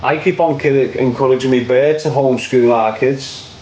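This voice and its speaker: A man's voice: mid-range voice, steady tone, normal speed, darkish tone, rough recording. A young man with a Liverpool accent, ranting opinions on his online show in a casual, repetitive way, ending lines with "mate". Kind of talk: casual livestream rant.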